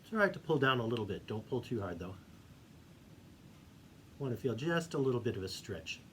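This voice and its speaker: A male voice teacher calmly guiding a singing warmup, giving encouraging instructions. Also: mid-range voice, brisk. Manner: demonstrates hums and vocal sounds. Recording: faint background noise.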